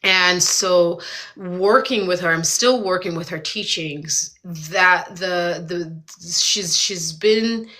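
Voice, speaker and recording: A woman co-hosting a casual spiritual conversation, speaking in a reflective, halting way with many restarts. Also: lowish voice, sharp tone. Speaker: co-host.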